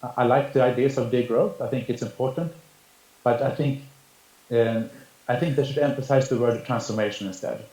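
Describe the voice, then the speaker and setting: A man with a mellow, medium-pitched voice gives an academic conference presentation over a video call, and the audio is echoey. His delivery is measured and explanatory, with frequent restarts and hesitations.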